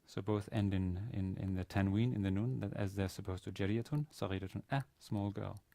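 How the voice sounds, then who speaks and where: Low, dark-voiced man teaching Arabic grammar. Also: fairly even intonation, brisk, vocal fry, dry recording. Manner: hesitant, explanatory, many fillers and restarts. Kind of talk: recorded university lecture. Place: university teaching room.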